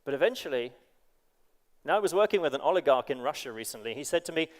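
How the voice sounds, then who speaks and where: A man's voice: fairly high pitch, expressive, fast talker. A man giving a motivational keynote speech in a large conference hall, speaking emphatically and firing rhetorical questions at the crowd.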